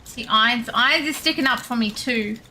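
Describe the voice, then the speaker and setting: A young woman with an Australian accent chats away to her stream while she plays, joking at her own expense and laughing easily. Her voice is bright and forward. A faint hum sits behind her. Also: fairly high pitch, a little fast. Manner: chatty, self-deprecating, laughs often, reads chat aloud. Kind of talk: casual gaming stream chat.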